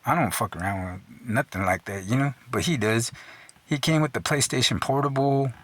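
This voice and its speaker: A man's voice: mid-range voice, normal speed, fairly bright tone, no echo. Middle-aged man telling profane stories, dry sound. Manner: loose and profane, heavy on "dude" and "you know"; chuckles through his own stories. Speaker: storyteller host. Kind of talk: casual storytelling.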